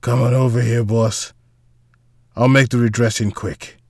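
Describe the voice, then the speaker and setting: A man's voice: medium pitch, level tone, a little slow, no room sound, studio quality. A man voicing a cheerful, foul-mouthed male bodyguard who tends a wounded woman, talking in a casual, profane, joking way. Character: gruff cursing male bodyguard, cheerful caretaker.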